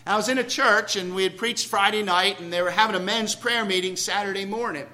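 Preaching fairly quickly in a high, bright, forceful voice, a man addresses a church congregation. The sermon is conversational, with questions to the listeners and jokes at his own expense.

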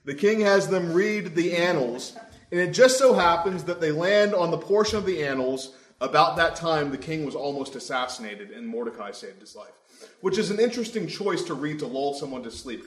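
Young male preacher, casual and wry, highish voice, echoey room. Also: brisk. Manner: conversational, wry, animated storyteller. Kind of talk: sermon. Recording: roomy echo.

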